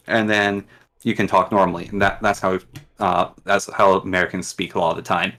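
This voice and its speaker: A man with a Northwestern Canadian accent talks in a low, plain voice. He rambles through a casual interview, full of ums and restarts. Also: flat delivery, normal speed, a bit bright. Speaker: guest.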